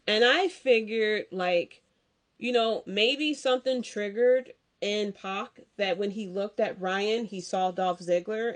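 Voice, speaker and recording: A woman hosting a casual podcast, talking slowly and unhurriedly. She rambles in a loose, slangy way, full of fillers and excited asides. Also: mid-range voice. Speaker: podcast host. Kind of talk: casual wrestling recap chat.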